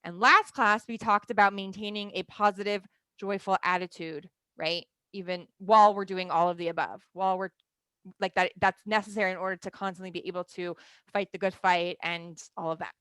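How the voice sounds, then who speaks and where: A woman in her thirties leads a class in a relaxed, talkative way, checking in with her listeners as she goes. Her voice sits at an ordinary pitch. The sound is dry and close, with no room echo. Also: a little fast, smooth. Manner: chatty, often asks "right?" and leans on "like". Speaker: teacher of a Torah class. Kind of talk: conversational class lecture.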